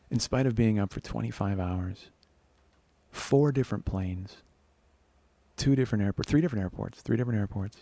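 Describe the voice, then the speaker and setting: A man's voice: fairly low pitch, moderate pace, vocal fry, dry recording. Man telling a wild story on a podcast. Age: 40s. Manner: animated, acts out both sides of conversations; swears casually, frequent restarts. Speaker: podcast host. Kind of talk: solo comedic storytelling.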